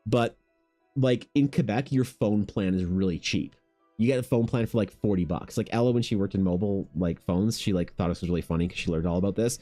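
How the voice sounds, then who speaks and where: A man chats loosely on an art stream, leaning on "like" and dropping casual swears. His voice sits fairly low and sounds mellow and dark. Faint music plays quietly under his talk. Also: a little fast. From Canada. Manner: rambling, heavy "like" filler, profane.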